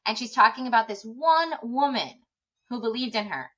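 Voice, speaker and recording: A woman's voice: on the high side, animated, normal speed, pushed and bright. Earnest, effusive woman podcast host. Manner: earnest and effusive, many fillers. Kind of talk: conversational interview. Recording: dull lo-fi sound.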